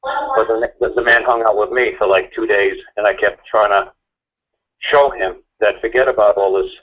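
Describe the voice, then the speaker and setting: On a call-in talk show heard over a tinny phone line, a male guest rants and argues in a lowish voice with fairly even intonation. He's rapid, repetitive, and mocking, making his case with passion.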